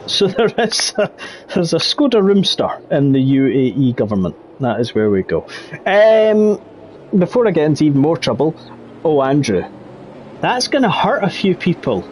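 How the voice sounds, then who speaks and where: A man giving jokey, excitable live commentary on an online racing league. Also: a little high, normal speed, a little hiss or hum. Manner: jokey, excitable, laughs between calls. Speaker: race commentator.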